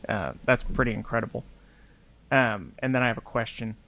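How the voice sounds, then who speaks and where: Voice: mid-range voice, a little fast, a bit bright. A podcast host who interviews a guest, offering short, supportive responses and careful questions. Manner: supportive, brief acknowledgments.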